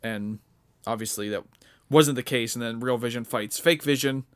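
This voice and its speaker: A man's voice: medium pitch, normal speed, smooth. A young man co-hosting a podcast, talking in a loose, rambling way, full of fillers and restarts. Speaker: podcast co-host. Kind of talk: casual chat.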